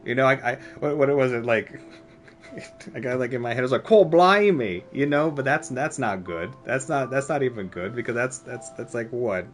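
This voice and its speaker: A man with a medium-pitched voice streams a video game, offering casual gameplay commentary at normal speed. His chatter rambles and is self-deprecating, packed with filler words, with soft music playing in the background.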